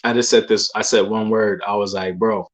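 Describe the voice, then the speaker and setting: A man's voice: lowish voice, fairly even intonation, normal speed. A young man in a loose, rambling monologue full of slang and fillers, recounting religious dreams. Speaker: believer sharing dreams. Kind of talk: casual testimony monologue.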